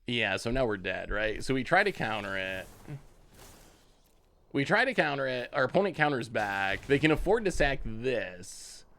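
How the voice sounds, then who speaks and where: Man, card game streamer, casual commentary, pitch swings wildly, thinks out loud. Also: big pitch swings, moderate pace. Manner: thinks aloud, chats with viewers.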